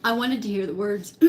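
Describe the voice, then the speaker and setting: A middle-aged woman vlogger tells a story to her live chat, giggling often and eating as she talks. Her voice is a little high with a darkish tone.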